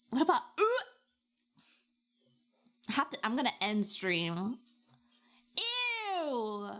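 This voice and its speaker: A woman streamer chatting casually with her chat while drawing, with dramatic, expressive reactions. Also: fairly high pitch.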